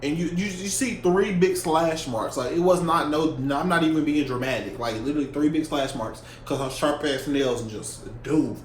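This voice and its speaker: A young man telling a story from his school days in a casual storytime vlog, animated and heavy with profanity and slang. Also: a little high, normal speed, hardly any pauses. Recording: echoey room with faint hum.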